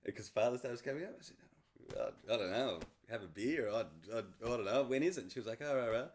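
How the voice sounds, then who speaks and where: A man from New Zealand, a podcast guest, telling a hunting story in casual chat, animated and often laughing. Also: medium pitch, quick pace.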